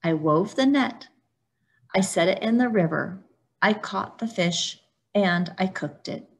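A woman's voice: mid-range voice, lively intonation, slow pace, creaky. A woman voicing a greedy, lazy male spider trickster in a storybook reading, eager and whiny.

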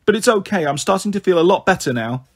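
A man's voice: sits high, animated, quick pace, husky, voice pushed up, heavily acted. A man voicing a small injured girl who gasps out her words, trying to sound brave. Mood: brave gasping. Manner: gasping, strained.

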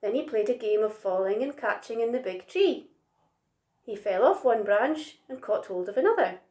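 Lady reading a kids book out loud, expressive and gentle, highish voice, echoey room. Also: normal speed. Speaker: storyteller. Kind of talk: reading a picture book aloud. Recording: roomy echo.

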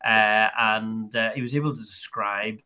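A man's voice: fairly low pitch, fairly even intonation, unhurried, bright, forceful tone, clear, resonant tone. A man hosting a podcast, chatting in a rambling, friendly way with many fillers. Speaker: podcast host. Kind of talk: casual chat.

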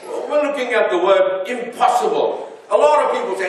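A man's voice: high-pitched, animated, moderate pace, few pauses. A man preaching a sermon, swelling and dropping his voice as he drives his points home. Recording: echoey hall, voice from far off the mic.

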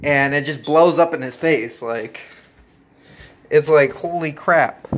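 A man's voice: fairly high pitch, slow pace, slight background noise. A man hosting a casual, profane movie recap, laid-back and laughing often. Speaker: host.

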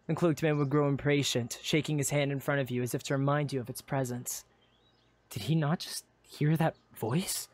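A man narrating a live game roleplay in second person, with animated, flustered asides. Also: mid-range voice, normal speed. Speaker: player and narrator.

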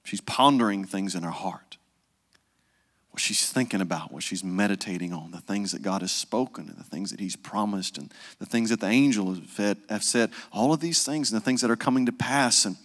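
A male pastor, preaching a conversational sermon and dropping to a hush for the solemn parts. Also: lowish voice, fairly quick, big-room sound. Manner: conversational preaching, acts out quoted voices, drops to hushed tones.

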